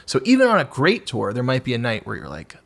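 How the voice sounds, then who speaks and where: A man in his forties, a guest musician talking candidly in a podcast conversation, who slips into high mock voices to act out asking for attention. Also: wildly swooping pitch, fast, creaky, a bit bright. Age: 40s.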